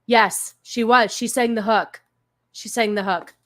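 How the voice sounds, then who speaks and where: A woman hosting a casual stream, reacting bluntly to the story, swearing and exclaiming as she goes. Her voice sits fairly high for a woman. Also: steady tone, a little slow, a bit bright. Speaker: stream host. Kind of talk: casual chat reacting to a book summary.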